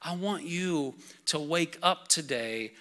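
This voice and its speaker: A man preaching a sermon to his church, reading scripture and speaking casually with lots of fillers, getting excited and then calming down. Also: slow. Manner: excitable, casual fillers, builds to shouts then drops low. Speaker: pastor.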